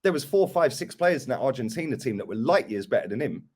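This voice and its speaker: A man's voice: medium pitch, sing-song, fast, a little mellow. A young man ranting about football transfers in casual chat, mocking other fans. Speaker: football fan pundit.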